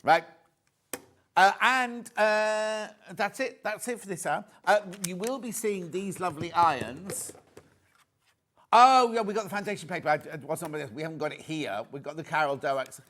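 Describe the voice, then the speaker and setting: A British man hosting live TV sales, talking in a chatty, rambling way that keeps doubling back on itself. His voice sits a little high for a man. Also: moderate pace, fairly bright tone. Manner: chatty, repeats words, reads out viewer messages. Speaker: shopping channel presenter.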